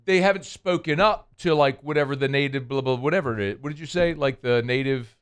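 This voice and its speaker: A man's voice: medium pitch, brisk, clear, resonant tone. A man hosting a sports radio show, chatting casually in a rambling, playful, self-deprecating way. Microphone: studio microphone.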